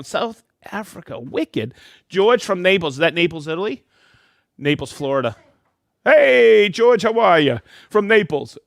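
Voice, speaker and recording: Hosting a live product stream, this man gives upbeat, joking shout-outs, calling out viewers' names and where they're from. His pitch is high and his tone fairly bright, captured cleanly in a studio with no echo.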